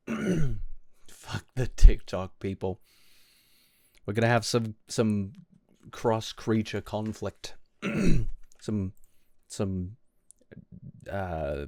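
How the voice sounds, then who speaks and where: A British-accented male streamer with a lowish voice talks unhurriedly to his chat. He is wry and teasing, drifting between thoughts and clearing his throat often. The sound is close and dry. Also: a little mellow, no echo. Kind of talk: casual live-stream chat with viewers. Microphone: close desk mic.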